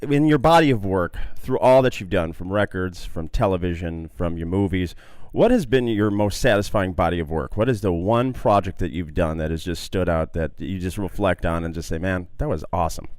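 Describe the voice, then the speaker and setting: A man's voice: sits low, moderate pace, a little mellow, dry recording. A male radio host giving friendly promotional patter and asking a guest about his work. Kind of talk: radio interview.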